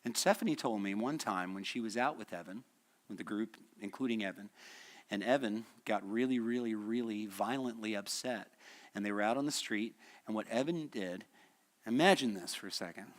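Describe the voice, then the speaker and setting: A man's voice: lowish voice, moderate pace. A man teaching a midweek church lesson in a conversational, storytelling way, asking the class questions and chuckling often. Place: church hall.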